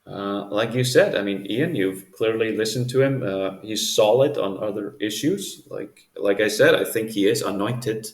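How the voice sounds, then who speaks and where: A man co-hosting a casual religious discussion podcast, speaking haltingly with many fillers and restarts. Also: on the low side, roomy sound. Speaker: podcast co-host.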